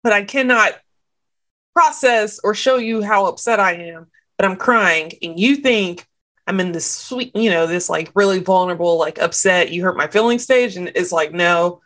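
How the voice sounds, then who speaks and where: A woman hosting a podcast, chatting candidly with quick asides. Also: lowish voice, a bit bright. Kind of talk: casual podcast chat.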